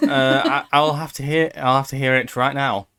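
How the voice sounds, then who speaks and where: A British man hosting a relaxed podcast chat, his voice smooth and clear. He swears easily and laughs often, talking loosely over a call. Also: mid-range voice, moderate pace. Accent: British English. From Britain. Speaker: podcast host. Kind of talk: casual chat.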